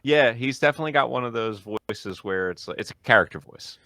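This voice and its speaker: A man's voice: medium pitch, brisk, sharp tone, dry recording, studio quality. A man co-hosting a casual music review podcast, upbeat and chatty. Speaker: podcast co-host.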